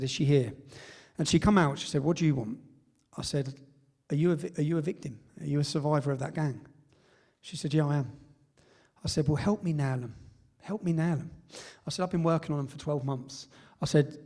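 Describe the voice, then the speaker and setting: A man's voice: a little high, a little mellow. A man with an English accent giving a blunt, emphatic storytelling talk to a live audience, often tagging lines with "yeah?". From England. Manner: blunt, emphatic, with tag questions. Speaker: guest speaker.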